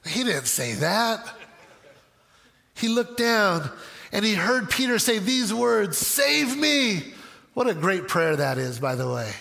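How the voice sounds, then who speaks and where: A male pastor preaching a sermon in an animated way, with joking asides. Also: sits high, creaky, long reverb tail.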